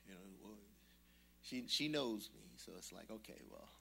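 A man preaching a storytelling sermon, swinging from muttered asides to shouted preaching and acting out the voices of people in his story. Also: on the low side, lively intonation, moderate pace, gravelly, a little hiss or hum.

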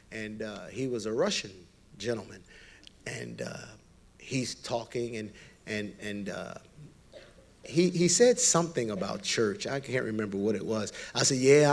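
A man's voice: medium pitch, expressive, moderate pace, vocal fry. A man preaching a provocative sermon as pastor, acting out the voices of the people he quotes.

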